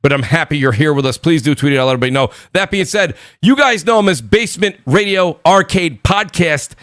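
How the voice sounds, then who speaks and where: Loud fast-talking New York man. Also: on the high side, expressive, no echo, studio quality. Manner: loud, hyped shout-outs. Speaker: podcast host. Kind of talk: live gaming podcast chat.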